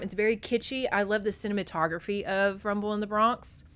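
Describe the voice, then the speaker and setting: Animated, swearing woman podcast host. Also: medium pitch, smooth. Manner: animated, profane, laughs often. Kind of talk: casual chat, book recap.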